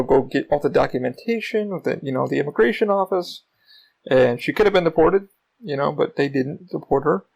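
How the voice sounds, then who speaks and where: Gravelly, foul-mouthed rambling man. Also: on the high side, a little mellow, poor audio. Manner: rambling, heavy profanity, frequent fillers. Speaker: podcast host. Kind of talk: casual solo monologue.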